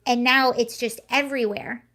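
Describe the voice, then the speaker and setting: A woman's voice: a little high, fairly even intonation, moderate pace, sharp tone. A young woman hosting a casual livestream, talking in a chatty, rambling way and often correcting herself mid-sentence. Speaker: livestream host.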